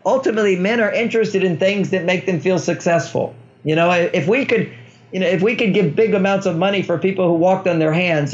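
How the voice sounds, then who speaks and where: A man with a high, gravelly voice explains his ideas in a playful, easygoing interview style. The audio is dull and lo-fi. He chuckles freely as he talks. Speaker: author guest. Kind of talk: conversational interview.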